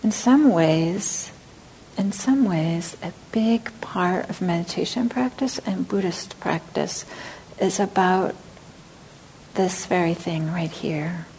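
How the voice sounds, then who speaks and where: A woman meditation teacher giving a dharma talk, speaking gently and reflectively, sometimes dropping to a soft near-whisper. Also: fairly low pitch, takes it slowly, slight background noise, rough recording.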